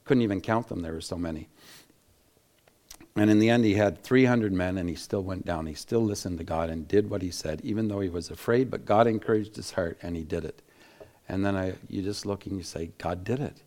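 A man preaching a Bible teaching in an animated way, laughing and acting out quotes, with frequent restarts. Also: low voice, a little fast. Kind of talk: sermon-style Bible teaching.

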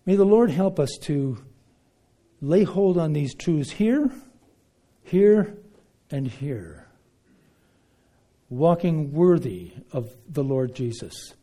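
In a fairly high, expressive voice, a man preaches an emphatic sermon, swinging between loud declarations and hushed asides. His pace is slow, with long pauses.

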